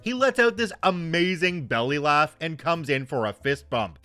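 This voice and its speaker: Lively wry male story host. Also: fairly high pitch, moderate pace, dry recording, soft background music. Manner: wry, joking asides. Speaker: host reading and commenting on online stories. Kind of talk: casual story narration and commentary.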